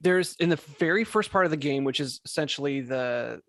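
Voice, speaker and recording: A man's voice: fairly high pitch, expressive, brisk, creaky, fairly bright tone, no room sound, studio quality. A man hosting a podcast, chatting casually in a rambling, emphatic way, swearing and tripping over words. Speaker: podcast host. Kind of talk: casual chat.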